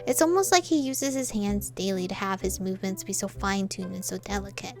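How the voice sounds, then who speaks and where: A woman's voice: mid-range voice, a little fast, faint music behind. A woman reading a romance visual novel aloud, breaking in with chatty joking asides to herself. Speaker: game playthrough reader.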